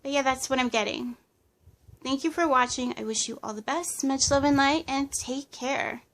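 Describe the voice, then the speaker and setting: A woman with a fairly high voice talks through a tarot reading. She lists impressions as they come, pausing and hedging with plenty of fillers. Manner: hesitant, channeling impressions, many fillers. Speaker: tarot reader. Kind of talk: casual pick-a-card reading.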